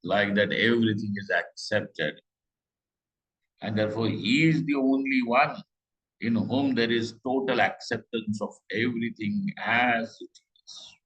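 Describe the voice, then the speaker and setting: A middle-aged man giving a scripture class, talking conversationally with rhetorical questions and slow Sanskrit quotes. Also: fairly low pitch, a bit bright, low-quality recording. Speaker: Vedanta teacher.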